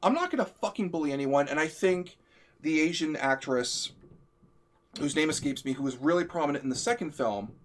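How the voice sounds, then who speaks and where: A man's voice: on the high side, animated, a little fast. A man hosting a live stream, venting in a heated, profane, emphatic rant. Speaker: show host. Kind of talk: ranting live-stream chat.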